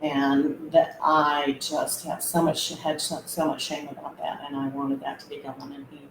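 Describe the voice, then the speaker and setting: A woman guest telling a personal story, hesitant and reflective, with many pauses and fillers. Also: deep voice, level tone, noisy background. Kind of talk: personal testimony. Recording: roomy echo.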